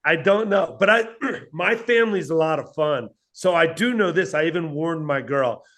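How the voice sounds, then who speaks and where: A man's voice: fairly high pitch, moderate pace. A man, a comedian guest telling stories in casual chat and acting out quoted lines. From Atlantic City, New Jersey. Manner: animated, acts out quoted dialogue in his stories.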